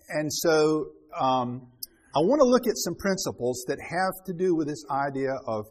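Husky-voiced man teaching a sermon. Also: mid-range voice. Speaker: preacher.

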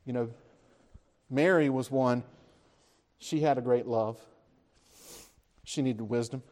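A man preaching a sermon, retelling scripture as a story, asking his listeners questions and lifting his voice when he speaks the disciples' lines. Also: takes it slowly. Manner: animated storytelling, voices the disciples' words with rising pitch; conversational, asks the listeners questions.

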